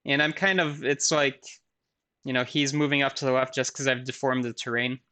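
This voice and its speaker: A man giving a recorded university lecture with a live software demo, talking casually with frequent fillers and self-deprecating asides. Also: medium pitch, fairly even intonation, normal speed.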